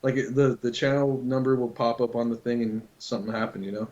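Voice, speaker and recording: A man's voice: medium pitch, fairly even intonation, fast talker, darkish tone. Profane, rambling man on a muffled recording. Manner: loose, profane storytelling. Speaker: podcast co-host telling a prank story. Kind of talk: casual chat. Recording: dull lo-fi recording.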